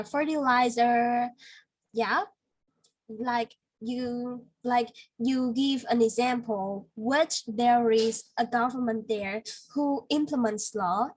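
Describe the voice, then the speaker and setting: Slow, husky woman teaching vocabulary. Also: a little high, no room sound, low-quality recording. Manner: patient explaining with many fillers. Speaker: English teacher. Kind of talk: one-on-one vocabulary lesson.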